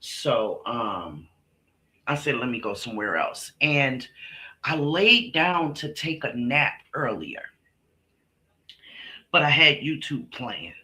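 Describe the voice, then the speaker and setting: Man, stream host, slow chatty delivery, very bright forceful tone. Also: big pitch swings. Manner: chatty, warm greetings to viewers, laughs often; slow, drawn-out delivery with big pitch swings. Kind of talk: casual live stream chat.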